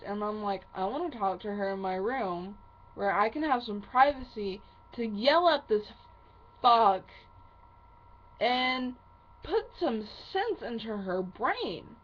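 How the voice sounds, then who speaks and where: Woman vlogger, angry profane rant, slow and halting, muffled lo-fi audio. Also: on the high side. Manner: heavy swearing, slow halting phrasing. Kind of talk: angry venting monologue to camera.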